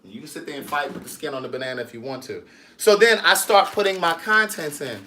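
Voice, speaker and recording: In his home kitchen, a man who is a vlogger and writer chats casually through a how-to, sassy and teasing, calling the viewer niece and girl. His voice is a little high, sing-song, quick, bright and forceful.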